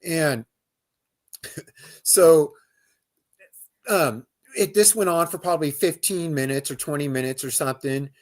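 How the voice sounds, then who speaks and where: A man's voice: fairly high pitch, unhurried, pauses often. A man telling a personal outdoor story as a guest, in loose casual speech with fillers, restarts and imitated animal calls. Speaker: guest recounting an outdoor encounter.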